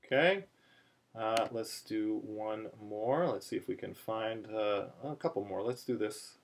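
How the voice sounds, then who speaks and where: Slow, halting man teaching chant. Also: lowish voice, fairly even intonation, gravelly, darkish tone, a little hiss or hum. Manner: slow, halting speech with many fillers, breaking into chant. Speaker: cantillation teacher. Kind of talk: chanting lesson, spoken explanation with chanted examples. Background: phone ringing in the background.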